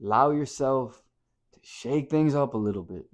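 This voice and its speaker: A man giving a motivational talk to camera, blunt and impassioned, swinging from hushed to loud and swearing casually. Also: mid-range voice, moderate pace. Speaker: motivational speaker.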